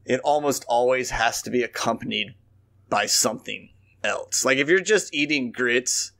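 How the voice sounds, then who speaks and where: A man co-hosts a podcast in an easygoing, chatty manner. He swears casually and keeps his pitch in a middle range. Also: moderate pace, gravelly, sharp tone. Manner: laid-back, profane, chatty. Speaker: podcast co-host. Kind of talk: casual chat.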